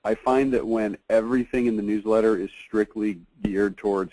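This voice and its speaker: A man hosting a casual conference call, chatty and halting, with many fillers. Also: lowish voice, level tone, mellow, low-quality recording. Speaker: host of a marketing review call.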